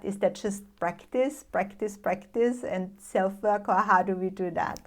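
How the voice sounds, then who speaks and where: A woman's voice: mid-range voice, fairly even intonation, moderate pace. A woman hosting a podcast interview who asks her questions in an eager, curious way. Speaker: podcast host. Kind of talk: interview conversation.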